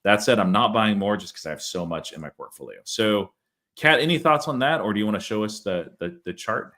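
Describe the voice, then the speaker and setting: Low-voiced man musing over stocks. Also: animated, brisk, fairly bright tone. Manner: thinking aloud with frequent "like" and "uh". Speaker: channel host. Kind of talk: casual stock market discussion.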